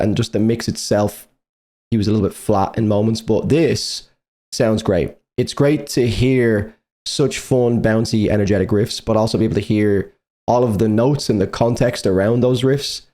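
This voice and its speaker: Brief: male reaction host, low mellow voice, candid rambling review chat with casual swearing, slightly slurred speech. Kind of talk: casual album review talk.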